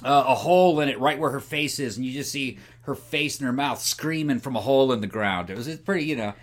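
A man's voice: medium pitch, fast talker. A man co-hosting a casual film podcast, laid-back, chiming in with frequent agreement. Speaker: podcast co-host.

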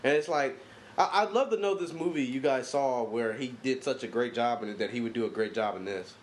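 A man's voice: medium pitch, brisk, a little hiss or hum. A man from co-hosting a podcast, telling loose, slangy, profane stories and jokes in casual chat. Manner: loose, joking, slangy storytelling. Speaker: podcast co-host.

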